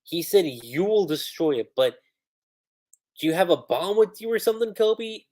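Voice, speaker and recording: A man hosting a livestream, reading manga dialogue aloud and commenting on how two translations differ, acting out the lines with lively emphasis. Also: high-pitched, moderate pace. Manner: reads character lines aloud with animated emphasis.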